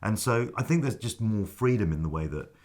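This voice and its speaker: An actor telling a lively backstage story in a casual interview, acting out what people said. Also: male voice, on the low side, fairly quick. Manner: animated anecdote-telling, acts out his own past lines. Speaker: actor guest.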